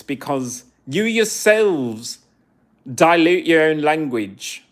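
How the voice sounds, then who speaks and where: A man's voice: mid-range voice, expressive, a little slow. A man in his forties with an English accent, talking on a live stream and answering chat comments in a snarky, haughty way. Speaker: livestreamer.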